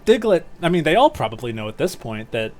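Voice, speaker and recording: A man streaming a game, commenting excitedly and laughing often. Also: on the high side, fast talker. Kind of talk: let's play commentary. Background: game music.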